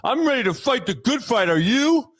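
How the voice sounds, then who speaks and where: A man voicing a pushy, mannish female public defender in a loud comic bit on a talk show. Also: very high voice, big pitch swings, normal speed, full character voice. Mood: pumped up. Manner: loud, shouting, cartoonishly gung-ho.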